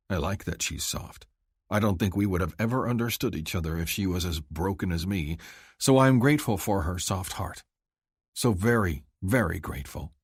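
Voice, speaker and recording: A man narrating a first-person romance audiobook in a husky voice, shifting up to speak the heroine's lines. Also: moderate pace, no echo, clean studio sound. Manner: husky, lively delivery, lifting high for the heroine's lines.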